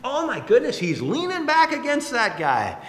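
Prim gasping gossips done by a male preacher, lively swooping pitch, echoey hall. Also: normal speed, exaggerated voice. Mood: scandalized. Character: gossiping scandalized Pharisees, men.

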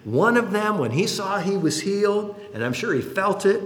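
A man preaching a sermon in an animated way, acting out the people in his stories. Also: high-pitched, moderate pace. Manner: animated, acts out quotes. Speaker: pastor. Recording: roomy hall reverb.

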